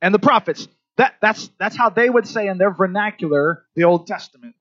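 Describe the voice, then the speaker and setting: A man's voice: high-pitched, expressive, fairly quick, a bit bright, no room sound, highs cut off. A man preaching a sermon in a conversational way, prompting listeners to fill in words and checking in with rhetorical questions. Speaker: pastor.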